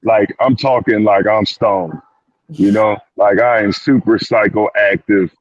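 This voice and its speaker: A man's voice: lowish voice, fairly even intonation, unhurried, dry recording, highs cut off. A male clinician speaking as a guest on a panel, emphatic, repeating his words and often slipping into quoted asides. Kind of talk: panel discussion.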